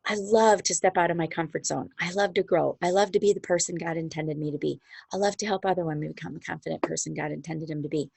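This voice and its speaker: A woman's voice: deep voice, steady tone, fast, creaky, darkish tone, husky, no echo. Upbeat woman leading a sales call. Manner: upbeat, encouraging, chatty with asides. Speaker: sales team leader. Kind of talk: motivational team meeting on video call. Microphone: video call.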